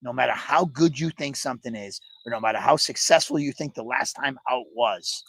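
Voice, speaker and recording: A man in his forties telling a story on a casual panel show, animated and swearing freely. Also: mid-range voice, fairly quick, gravelly, no echo. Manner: animated, swears freely, acts out quoted voices.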